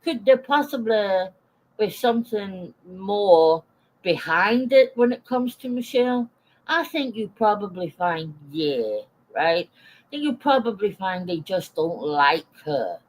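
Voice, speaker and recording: A woman's voice: mid-range voice, sing-song, takes it slowly, rough recording. A woman in her forties holds forth on a casual live stream. She is blunt and swears freely, breaking off now and then to greet viewers in the chat by name. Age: 40s.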